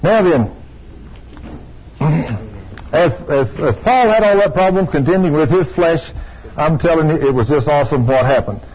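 Husky preacher telling a story. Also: male voice, fairly high pitch, moderate pace, pauses often. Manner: storytelling, rising to excited exclamations. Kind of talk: sermon with testimony. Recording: dull lo-fi sound.

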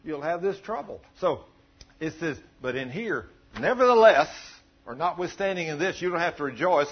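A man's voice: sits high, dull audio. A man preaching a sermon in a folksy, conversational way, joking with his congregation.

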